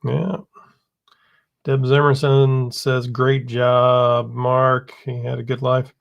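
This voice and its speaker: A man co-hosting a live chat stream, measured and matter-of-fact with dry remarks. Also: mid-range voice, level tone, creaky, lo-fi sound. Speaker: co-host of a livestream.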